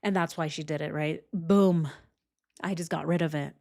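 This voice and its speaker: A woman commenting on interview transcripts as a true crime host, animated and sarcastic, swearing often. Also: deep voice, normal speed, gravelly.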